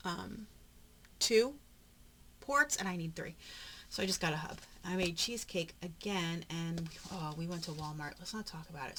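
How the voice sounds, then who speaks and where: A woman vlogging as she flips through her craft journal, chatting in a rambling, talkative way with frequent soft murmured asides. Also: fairly low pitch, a little hiss or hum. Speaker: papercraft vlogger. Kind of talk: casual chatty narration during a journal flip-through.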